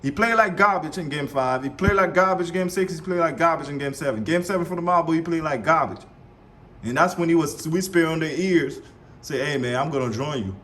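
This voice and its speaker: Man, high voice, heated reaction commentary, animated, swearing. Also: brisk. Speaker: reaction streamer.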